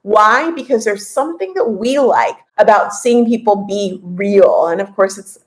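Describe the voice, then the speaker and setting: A woman in her forties hosting a casual podcast and coaching listeners, chatty and lively, often laughing and repeating points for emphasis. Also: mid-range voice, a little slow, rough recording. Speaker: podcast host and business coach.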